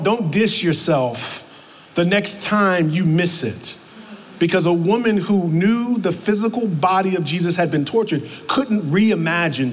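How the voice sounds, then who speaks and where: A man preaching a sermon as pastor, in a conversational, animated way that keeps breaking into acted-out quotes. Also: sits high. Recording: long reverb of a large hall, faint noise.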